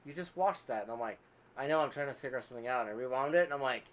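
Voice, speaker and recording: A man's voice: medium pitch, very fast. A man hosting a casual podcast, chatty, telling stories and laughing often. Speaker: podcast host. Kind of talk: casual chat.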